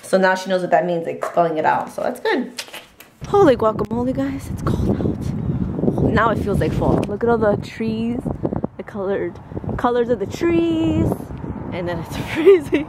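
A woman's voice: a little high, heavy background noise. A young pregnant woman chatting casually in a vlog, dropping Spanish words into her English talk. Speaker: vlogger.

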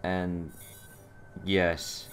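A young man talking over his gameplay in a deep, unhurried voice. He sounds fed up and sarcastic, grumbling and cursing at a stubborn puzzle, with faint music playing underneath. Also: flat delivery, a bit bright. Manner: exasperated, sarcastic, swears at the game. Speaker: let's play commentator. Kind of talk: casual gameplay commentary.

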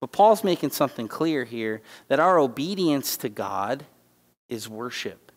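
A man's voice: medium pitch, animated, a little slow. A man preaching a sermon as guest speaker, talking conversationally and emphatically, with asides and restarts. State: holding back tears. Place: church sanctuary. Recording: church hall reverb.

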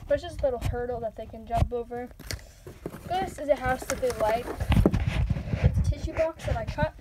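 A young woman hosting a casual pet vlog at home, chatting and coaxing her pets in baby talk. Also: high voice. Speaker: pet channel host. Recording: loud background noise.

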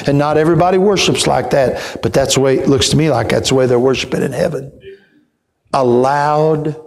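A man preaching a church sermon as an evangelist, telling folksy stories that swell into shouted praise. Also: on the high side.

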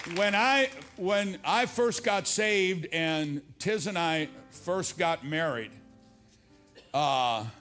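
An older man preaching a sermon to a congregation, rising on repeated lines and dropping low and confiding when he tells a story. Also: expressive, very slow, bright, forceful tone, soft background music. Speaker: pastor. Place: church stage before a congregation.

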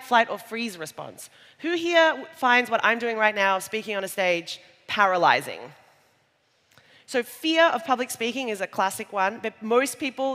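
An Australian woman speaks from a conference stage in a chatty keynote style, dropping jokey asides to the audience. Her pitch is very animated and rises and falls freely. A long hall reverb trails behind each phrase. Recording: live talk in a large reverberant hall.

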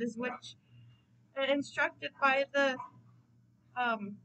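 Woman narrating in a hushed, solemn tone. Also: a little high, steady tone, measured pace, poor audio. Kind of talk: mock-dramatic narration.

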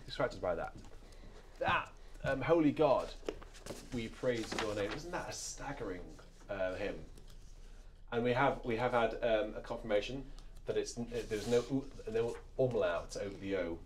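A man at a home organ, talking in a loose, rambling way, breaking off his own sentences. His pitch is in the middle range, and there is a faint hiss behind him. He sounds like a livestream host thinking aloud between pieces. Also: lively intonation, normal speed. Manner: rambling, self-interrupting, distracted. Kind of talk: casual chat. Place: home music room with organ.

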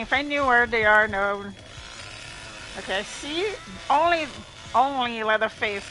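Female streamer, bright tense voice, slow jumpy live commentary, faint game noise behind. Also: on the high side, rough recording. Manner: jumpy, laughing, swearing, talks to herself. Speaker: gamer streaming gameplay.

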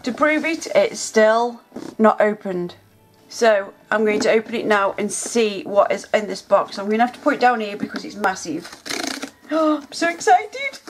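A woman hosting a casual unboxing vlog from home, gushing and excitable, gasping and exclaiming as she talks. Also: mid-range voice, moderate pace, noisy background. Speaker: nail art channel host.

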